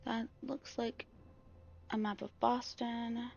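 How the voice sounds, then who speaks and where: Excitable swearing woman streamer. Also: a little high, takes it slowly, gravelly, no room sound, muffled recording. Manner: profane, jumpy and excitable. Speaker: live streamer. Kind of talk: casual gameplay commentary.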